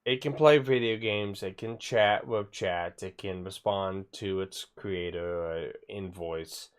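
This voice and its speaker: A man's voice: deep voice, slow pace, smooth. A man streaming live, chatting casually and rambling with frequent stammered restarts and the odd swear. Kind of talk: casual livestream chat.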